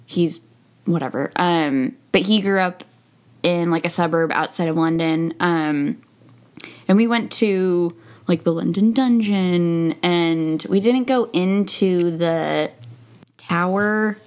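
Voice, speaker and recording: A woman's voice: on the low side, takes it slowly. A young adult woman chatting casually as a podcast co-host, rambling and correcting herself as she goes. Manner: rambling, self-correcting, fillers. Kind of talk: casual chat.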